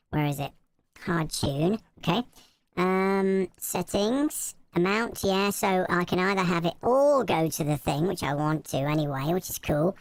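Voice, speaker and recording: A man talking through a hard-tuned effect that pitches his voice up high, chatting as he explains settings. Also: a bit bright, no room sound, heavily acted. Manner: chatty, thinking aloud. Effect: pitch-shifted up into a high, auto-tuned voice.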